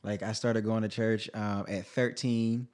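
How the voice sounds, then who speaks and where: A singer-songwriter in his thirties, appearing as a guest, recounts his life story in a relaxed interview. He's animated, laughs a lot, and keeps restarting sentences, speaking in a lowish voice at a measured pace.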